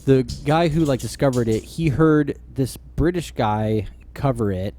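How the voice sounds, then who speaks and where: A man's voice: medium pitch, measured pace, mellow, a little hiss or hum. A man co-hosting a podcast, chatting casually in a rambling way, with lots of "like" and frequent laughter. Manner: rambling, heavy use of "like", laughs often. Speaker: podcast co-host. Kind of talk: casual chat.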